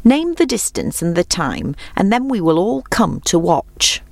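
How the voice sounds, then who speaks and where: Eager fox voiced by a woman, brisk, higher, dry. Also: big pitch swings, vocal fry, darkish tone, no echo, exaggerated voice. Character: eager male fox, race starter.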